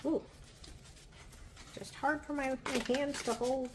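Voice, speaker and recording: Soft-spoken gravelly woman reading tarot. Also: medium pitch, animated, unhurried, long pauses, heavy background noise. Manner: gentle, affirming, often asks "right?". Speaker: tarot reader. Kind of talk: pick-a-pile tarot reading.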